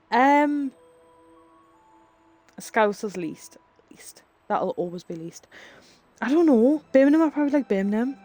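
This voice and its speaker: A woman's voice: on the high side, darkish tone. A young woman with a Geordie accent chatting casually with viewers on a live stream, reading chat aloud, swearing and laughing as she goes. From Northeast England.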